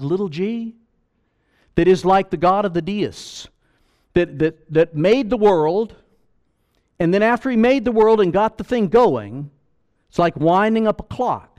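A man's voice: high-pitched, lively intonation, a little slow, a little mellow. A man preaching a sermon as pastor, emphatic and pleading, full of rhetorical questions.

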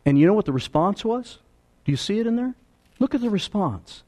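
Animated high-voiced man preaching. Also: fairly quick. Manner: animated preaching, swings between loud and hushed. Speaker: pastor. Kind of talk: sermon.

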